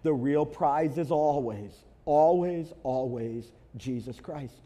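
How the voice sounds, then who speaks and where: A man's voice: fairly high pitch, takes it slowly. Emphatic male pastor preaching a sermon. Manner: animated storytelling with emphatic repetition. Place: church before a congregation.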